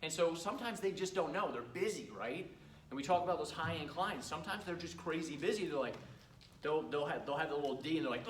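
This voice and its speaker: A man's voice: a little high, fast, far from the mic. Chatty man lecturing in an echoey room. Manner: chatty storyteller who acts out customers' lines. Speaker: cleaning business owner giving a talk. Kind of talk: casual training talk to a live audience. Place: room with a live audience.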